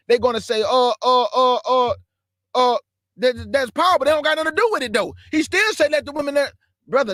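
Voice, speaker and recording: A man preaching Bible commentary, emphatic and firing rhetorical questions, reading scripture aloud slowly and deliberately. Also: very high voice, a bit bright, no echo, clean studio sound. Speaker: online Bible teacher.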